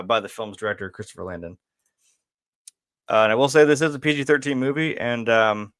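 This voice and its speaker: A man reviewing a film in a loose, conversational ramble. His voice sits at an ordinary middle pitch, and he peppers his talk with "uh", "like" and casual swearing. He often breaks into a short laugh as he goes. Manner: laid-back, rambling, laughs often, frequent fillers and swearing.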